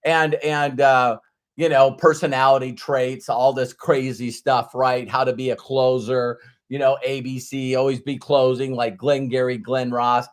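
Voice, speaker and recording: A man, a business coach, telling a motivational story in a casual, animated way, often restarting and repeating words. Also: medium pitch, a little slow.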